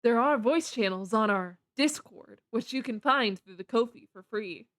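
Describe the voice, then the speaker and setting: A woman with a slightly high, fairly bright voice talks a little slowly but animatedly, with no echo. She's streaming a card game live, rambling through casual gameplay commentary and giggling often.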